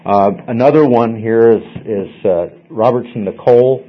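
A man's voice: medium pitch, moderate pace. A man teaching a Bible study class in a casual, rambling way, often repeating and restarting words. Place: small class room, group in a circle. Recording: dull lo-fi classroom recording.

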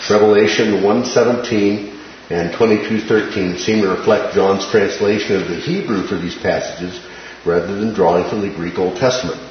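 A male Bible teacher with a low voice and steady tone leads a Bible study at a moderate pace, explaining and quoting verses and checking in with "right?" and "okay?". The room is boomy and very echoey, with a dull, lo-fi sound and faint hiss.

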